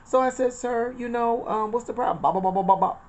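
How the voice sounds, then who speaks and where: A woman's voice: a little high, a little fast, a little mellow. A middle-aged woman hosting a casual spiritual talk, chatty and full of retold conversations and scripture. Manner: chatty, repeats phrases, quotes scripture and retells conversations. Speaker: inspirational channel host.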